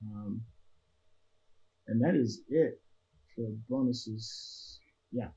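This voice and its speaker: A man playing in a tabletop role-playing game, casually working through his dice rolls out loud. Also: medium pitch, drawn-out words, breathy edge, muffled recording. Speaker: player.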